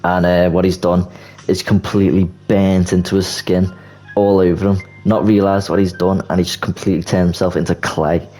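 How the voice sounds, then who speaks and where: Deep-voiced lad telling a story. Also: male voice, poor audio. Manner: animated storytelling, swearing, quick restarts. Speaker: YouTuber. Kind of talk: casual movie plot pitch. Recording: faint music bed.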